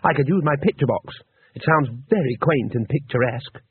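A man's voice: medium pitch, lively intonation, fairly quick, slightly rough, no echo. A man voicing an eager, naive male tourist who talks earnestly and rambles with enthusiasm. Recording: tinny narrow-band recording.

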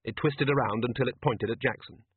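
A man narrating an audiobook in an unhurried, dry storytelling manner. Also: medium pitch, husky, dry recording. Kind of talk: audiobook narration doing character voices. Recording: tinny lo-fi dry recording.

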